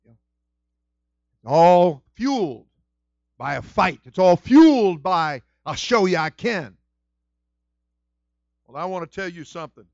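A middle-aged male pastor preaching a sermon with passion, moving between hushed storytelling and shouted exclamations. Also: sits high, lively intonation, slow pace, vocal fry, long pauses, no room sound, muffled recording. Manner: exclaims "whew" and "woo".

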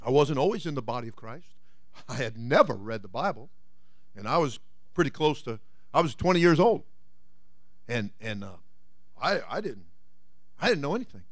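A man preaching a sermon in a folksy, dramatic way, swinging from loud bursts to hushed asides. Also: medium pitch, very animated, normal speed, pauses often, no room sound, clean studio sound. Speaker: pastor. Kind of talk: sermon with storytelling.

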